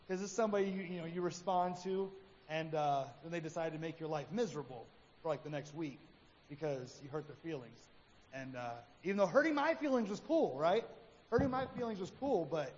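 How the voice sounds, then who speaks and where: A man's voice: sits high, a little mellow. A man preaching a sermon in a conversational way, acting out the quotes in his stories. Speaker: pastor. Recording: hall reverb, dull lo-fi sound, faint noise.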